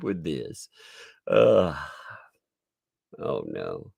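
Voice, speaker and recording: Low gravelly man, husky and congested, sarcastic live-stream host, laughing often. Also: big pitch swings, unhurried, no room sound, studio quality. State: congested from sinus trouble. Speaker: online commentary host.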